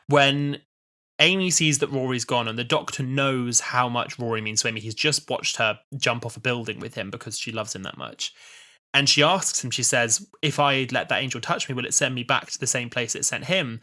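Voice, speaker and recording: A man in his twenties talks through a show with a friend in an easy, animated podcast chat. His voice has a bright, forward edge at a middle pitch. He is eager to retell the scenes. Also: moderate pace. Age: 20s. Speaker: podcast co-host. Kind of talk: casual chat.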